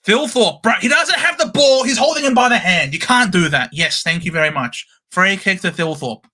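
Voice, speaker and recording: A man hosting a live-stream football watchalong, calling the play with animated cheers and banter. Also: high voice, moderate pace. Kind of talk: excited live sports commentary.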